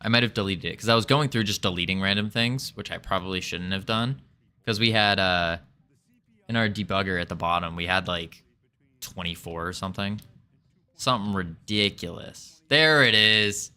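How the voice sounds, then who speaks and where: A man's voice: deep voice, steady tone, normal speed, sharp tone, clean tone. A man live-streaming his game development, muttering through code and joking about himself. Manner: muttering while reading code, self-deprecating. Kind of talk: casual live coding commentary.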